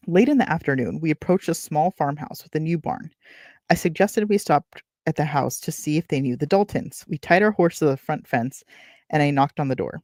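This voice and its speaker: A woman's voice: low-pitched, moderate pace, a little mellow, no room sound, clean studio sound. Chatty woman reading a book aloud. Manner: chatty, self-correcting, wry asides. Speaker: book reader and streamer. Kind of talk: reading aloud with casual commentary.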